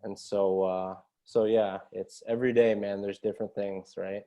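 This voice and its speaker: The highs are cut off in this recording of a man with a lowish, warm voice, little pitch movement, and normal speed. He's a podcast guest telling a story in a casual, earnest, motivational manner. He habitually ends phrases with a questioning "right?".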